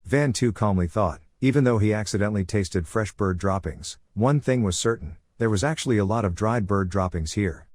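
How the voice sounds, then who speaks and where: Low-voiced man narrating a recap. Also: moderate pace, few pauses, a little mellow, no room sound.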